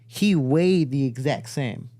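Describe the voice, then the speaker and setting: A man's voice: mid-range voice, expressive, takes it slowly, mellow, no echo. A man hosting a podcast, telling a story casually with plenty of swearing and acting out the voices of the people in it. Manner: profane, acts out quoted voices. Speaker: podcast host and fighter. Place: studio.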